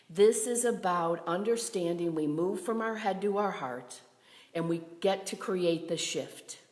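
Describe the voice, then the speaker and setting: Woman minister, low-ish voice, calm sermon, reverberant hall. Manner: gentle, meditative, with soft whispered phrases. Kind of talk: livestreamed sermon. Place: synagogue sanctuary. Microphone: camera from a distance.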